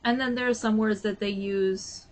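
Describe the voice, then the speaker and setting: A woman's voice: medium pitch, steady tone, normal speed. A woman vlogger chatting casually and sounding a bit sleepy, rambling with lots of fillers. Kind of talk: casual chat.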